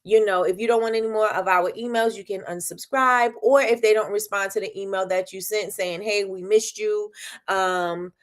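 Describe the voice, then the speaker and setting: A woman hosting a casual live advice chat for small business owners, lively and quick to laugh, speaking straight to her viewers with slang. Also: medium pitch. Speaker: host of a small-business livestream.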